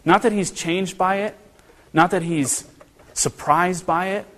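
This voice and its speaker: A man preaching a sermon in a church, earnest and animated, often restarting his phrases. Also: high voice, unhurried, long reverb tail. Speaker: pastor.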